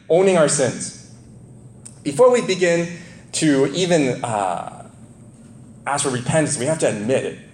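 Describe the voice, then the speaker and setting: A man's voice: fairly high pitch, a little mellow, a little hiss or hum. A man preaching a casual, conversational sermon, chuckling often and asking his listeners "right?". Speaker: pastor. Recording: echoey room, faint ambience.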